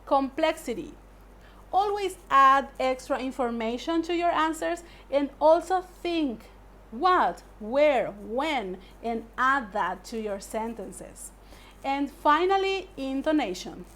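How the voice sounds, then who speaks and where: Woman english teacher, slow careful delivery, a bit high voice. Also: expressive, fairly bright tone. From Paraguay. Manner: measured, explanatory, asks "right?" often. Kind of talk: language lesson.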